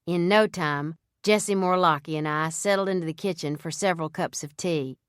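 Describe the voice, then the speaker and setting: Brief: female audiobook narrator, first-person, measured delivery, low smooth voice. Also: dry recording, clean studio sound. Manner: measured, even storytelling.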